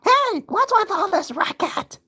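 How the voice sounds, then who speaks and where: A squeaky, whiny little boy, his voice jumped way up high. The lines bounce around excitedly in a childish sing-song. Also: measured pace, exaggerated voice.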